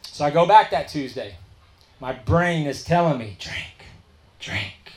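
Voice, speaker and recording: A man's voice: on the high side, expressive, normal speed, a little mellow. A man with a slightly raised voice shares his recovery story with a meeting. He talks in a candid, emphatic, everyday way, throwing in asides as he goes. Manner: candid, conversational, colloquial and emphatic.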